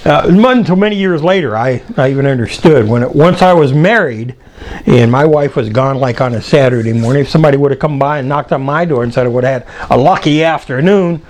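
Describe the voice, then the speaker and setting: An older man telling a personal story, animated and acting out the voices of people in his anecdote. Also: medium pitch, quick pace.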